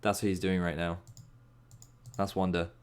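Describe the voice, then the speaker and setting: Animated man breaking down game footage. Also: deep voice, normal speed, clear, resonant tone. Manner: animated, emphatic, playful asides. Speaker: esports analyst. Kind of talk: game review commentary.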